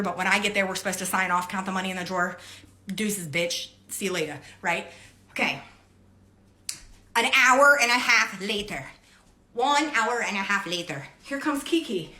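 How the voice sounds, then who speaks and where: A woman telling a story in a casual, animated way, swearing often and acting out her coworkers' lines. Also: mid-range voice. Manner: animated, swearing, jumps between hushed aside and loud outbursts.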